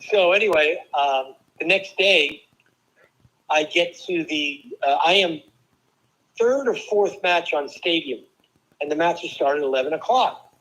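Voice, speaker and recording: An older man from New Jersey, a former tennis player and guest, telling lively stories with quick asides and restarts. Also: fairly high pitch, poor audio. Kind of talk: casual storytelling interview.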